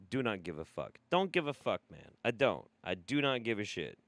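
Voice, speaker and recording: Sarcastic, lively-voiced male streamer. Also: lowish voice, moderate pace, few pauses, no echo. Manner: sarcastic, mocking, swears freely. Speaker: streamer host reacting to a video. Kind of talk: casual live-stream commentary.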